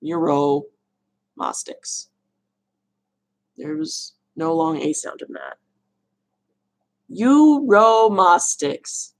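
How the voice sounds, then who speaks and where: A woman with a low, creaky, slightly mellow voice and huge pitch swings answers viewers' questions about reptiles on a casual livestream. She keeps a moderate pace with few pauses, laughing at her own mispronunciations as the keeper fielding live chat.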